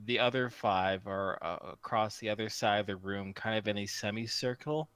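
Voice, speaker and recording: Slow-talking man running a tabletop game. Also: on the low side, fairly bright tone, no echo. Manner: slow, rambling descriptions with fillers. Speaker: game master.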